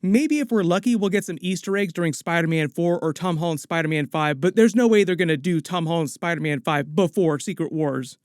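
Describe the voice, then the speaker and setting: A man's voice: fairly high pitch, fairly quick, hardly any pauses, clear, resonant tone, no echo, clean studio sound. A man hosting a movie news channel, talking casually and chatting directly to his viewers. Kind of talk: casual entertainment news commentary.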